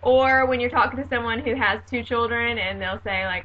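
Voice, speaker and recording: A woman in her late twenties chatting casually on her video diary, sarcastic and quick to laugh. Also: a little high, fairly even intonation, muffled recording. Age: 20s. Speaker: vlogger.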